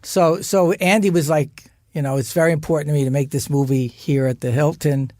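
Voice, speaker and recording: A man's voice: a little fast, dry recording, clean studio sound. A man telling showbiz stories in casual chat, acting out the quotes and laughing often. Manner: animated, acts out quotes in a higher voice, laughs often. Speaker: guest actor telling stories.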